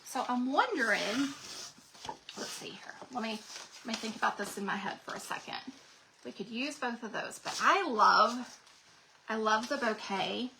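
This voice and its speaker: A woman chats breathlessly through a craft livestream, gushing over every page. Her voice sits a little high, with a bright, gravelly edge. A faint hiss runs under the recording. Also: normal speed, pauses often. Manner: gushing, excitable, addresses viewers as y'all. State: recovering from being sick. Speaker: craft channel host. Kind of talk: livestream craft demo, chatting to viewers.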